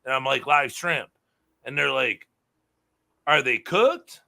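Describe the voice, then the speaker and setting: A man's voice: medium pitch, animated, slow, gravelly, bright, forceful tone. A man who breeds shrimp, chatting casually on a livestream with plenty of fillers and restarts. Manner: rambling, many restarts and fillers.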